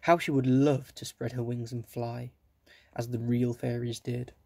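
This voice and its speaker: Gravelly, husky man reading a storybook. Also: mid-range voice, flat delivery, a little slow, no room sound. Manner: gentle with asides to listeners. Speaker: reader. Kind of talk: reading a children's book aloud.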